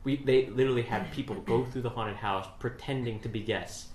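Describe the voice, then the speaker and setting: A man casually telling a story on a podcast, animated, swearing and laughing often. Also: medium pitch, fairly quick. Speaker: podcast co-host. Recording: echoey room with faint ambience.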